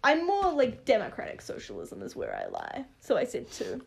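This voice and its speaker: Giggly young woman with a lively, high voice. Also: moderate pace, vocal fry, husky. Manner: chatty, laughs often, swears casually. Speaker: podcast co-host. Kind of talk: casual chat.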